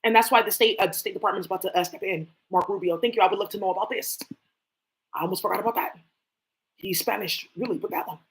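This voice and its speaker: A woman hosting a tarot stream, talking in a blunt, profane, animated rant, often talking to herself. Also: medium pitch, fast. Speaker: tarot livestream host. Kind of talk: casual ranting monologue.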